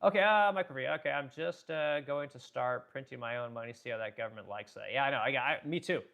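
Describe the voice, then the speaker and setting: A man's voice: medium pitch, fast, vocal fry, fairly bright tone, lo-fi sound. A man hosting a livestream, talking bluntly and profanely in a rambling way, full of restarts, as he reads chat comments. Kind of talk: casual opinionated livestream talk.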